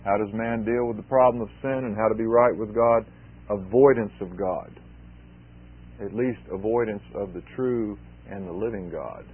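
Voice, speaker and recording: A man's voice: lowish voice, moderate pace, breathy edge. Emphatic male preacher, tinny sound. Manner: emphatic, repeats key phrases. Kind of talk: expository sermon. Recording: tinny phone-like sermon recording.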